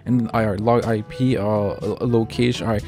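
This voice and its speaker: A man's voice: lowish voice, moderate pace, faint music behind. Rambling young man trash-talking while gaming. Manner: rambling, filler-heavy, excitable and profane. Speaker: gaming YouTuber. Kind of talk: casual gameplay commentary.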